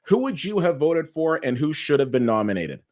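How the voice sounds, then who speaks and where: A man's voice: fairly high pitch, big pitch swings, normal speed, darkish tone. A man hosting a casual awards-preview talk show, steering the chat and reading out the nominees. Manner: conversational, steers the segment and reads out nominees. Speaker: show host.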